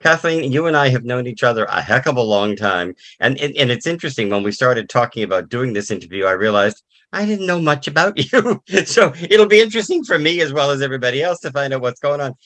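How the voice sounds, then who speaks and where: A man's voice: medium pitch, animated, fast talker, fairly bright tone. A man interviewing a guest, encouraging her with short affirmations and stumbling on his openings. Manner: encouraging, repeats words when starting. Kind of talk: friendly interview.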